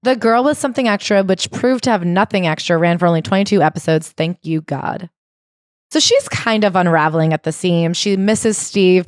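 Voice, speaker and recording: A woman co-hosting a podcast, chatting casually about a memoir, animated and jumping high in pitch when excited, swearing casually. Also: clear, resonant tone, no echo, studio quality. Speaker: podcast co-host. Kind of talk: casual book club chat.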